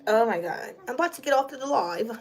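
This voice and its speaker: A woman's voice: on the high side, lively intonation, quick pace. A mother vlogging casually on her phone, laughing often and breaking off to talk to her kids. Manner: laughs often, chatty, talks to her kids between remarks. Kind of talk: casual chat to a livestream.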